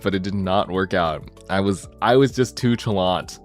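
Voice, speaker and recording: A man chatting casually on a stream, jokey and animated, his voice swinging from mumbles to high excited bursts. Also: moderate pace, soft background music.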